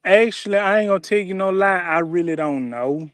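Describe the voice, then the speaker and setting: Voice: medium pitch, brisk, dry recording. A person from Mississippi with a Southern twang, chatting casually on a livestream in folksy country talk. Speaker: livestream co-host. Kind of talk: casual chat.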